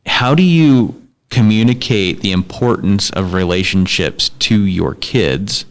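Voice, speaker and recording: A man hosting a podcast, asking questions in a slow, deliberate way. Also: on the low side. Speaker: podcast host. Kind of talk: casual interview questions.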